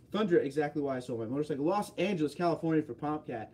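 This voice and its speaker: A man's voice: fairly high pitch, animated, racing, darkish tone, slightly rough. A man hosting a casual livestream, reading viewer comments aloud and answering them offhandedly. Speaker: livestream host.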